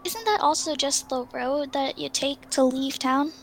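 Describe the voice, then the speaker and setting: A woman playing a tabletop game, casual and giggly, asking quick questions. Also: sits high, animated. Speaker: player.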